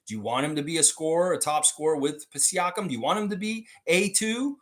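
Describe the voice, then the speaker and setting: A man's voice: on the high side, lively intonation, brisk. Blunt, profane man ranting to chat. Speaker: livestream host. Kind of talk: casual livestream commentary.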